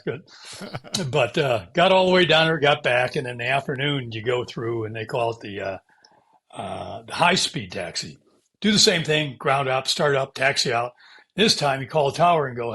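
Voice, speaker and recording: An older American man, once a fighter pilot, tells stories in an animated interview, acting out radio calls and hissing brake sounds and swearing casually. His medium-pitched voice is husky, bright, and forceful, animated, at normal speed.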